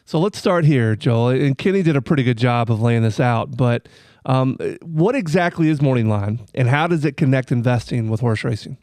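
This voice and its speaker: A man hosting a podcast, asking relaxed questions with plenty of fillers. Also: mid-range voice, normal speed, no room sound. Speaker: podcast host. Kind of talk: podcast interview.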